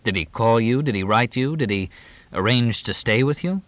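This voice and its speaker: A man's voice: medium pitch, lively intonation, moderate pace, a bit bright, no room sound, lightly acted. A man reading an audiobook, voicing a wry, easygoing man in close to his own voice.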